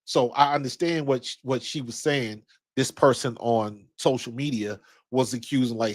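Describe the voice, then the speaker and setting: Steady in tone and speaking at normal speed in a mid-range voice, a man in his fifties from Ohio gives rambling, casual basketball commentary. He weaves in personal stories and is blunt, slangy and sometimes profane.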